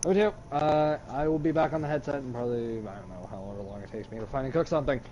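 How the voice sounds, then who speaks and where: A man in a casual chat among racing friends, relaxed and a bit hesitant, on a headset. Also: mid-range voice, fast, highs cut off, a little hiss or hum. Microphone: gaming headset.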